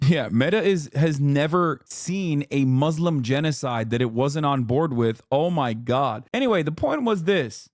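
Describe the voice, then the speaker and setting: A man's voice: fairly high pitch, lively intonation, unhurried, hardly any pauses, no echo, clean studio sound. A man streaming, reacting to videos in a casual, incredulous and profane rant. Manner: exasperated, incredulous, profane ranting.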